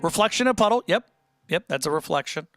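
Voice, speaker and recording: A young man chatting casually with viewers on his livestream, rambling and animated, with many restarts and fillers. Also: high voice, fast talker, over music. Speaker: musician hosting a livestream chat.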